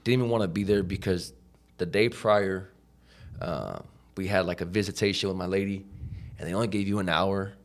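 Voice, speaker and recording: A man's voice: low-pitched, fairly quick. A man, a podcast guest, telling his story in a casual, profane, slangy way, full of "like" and "you know," acting out the people he quotes.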